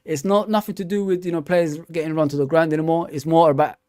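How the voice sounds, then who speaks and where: A man's voice: fairly high pitch, steady tone, fast talker, dark tone, clean tone, no echo, studio quality. A young man hosting a football fan stream, rambling and repeating himself in loose slangy chat. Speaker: fan channel host. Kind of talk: casual live stream chat.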